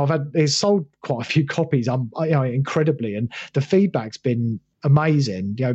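Earnest man with a husky voice. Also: medium pitch, a little mellow, dry recording, muffled recording. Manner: earnest, restarts often. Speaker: podcast guest, author. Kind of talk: conversational interview answers.

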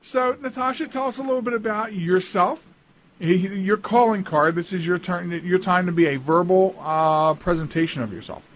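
A man's voice: high voice, moderate pace, slight background noise. A man hosting a radio talk show, chatting casually and rambling with lots of restarts and asides.

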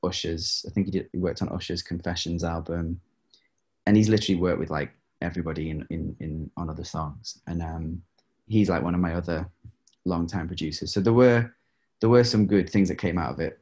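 Telling stories as a guest in a relaxed interview, a man who sings talks fairly quickly in a low voice with a breathy edge. He's animated, laughs a lot, and fills his speech with fillers.

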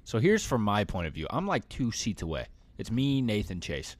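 With a lowish voice at a moderate pace and no room sound, this young podcast co-host is an animated storyteller. He chats casually and curses without holding back.

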